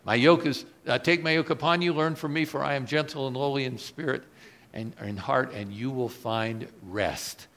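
A man preaching a sermon, moving between quiet reflective lines and loud, emphatic questions put to the congregation. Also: moderate pace. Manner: swings from soft low asides to loud emphatic rises; asks the audience questions.

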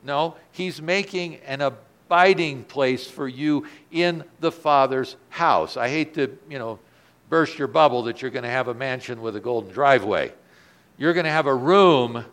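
A male pastor with a medium-pitched voice preaches a sermon in church, dropping to a soft tone and then swelling loud for emphasis.

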